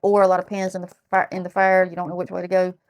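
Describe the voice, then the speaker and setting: A woman's voice: lowish voice, completely flat delivery, fast talker, darkish tone. A woman giving a casual tarot reading who talks bluntly, thinks aloud and repeats herself. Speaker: tarot reader.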